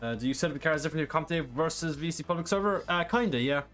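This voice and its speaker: A sim racing streamer races through his words in a slightly high, somewhat bright voice with lively intonation, soft music underneath. Reading chat and explaining a track, he stays casual and rambling, with many fillers.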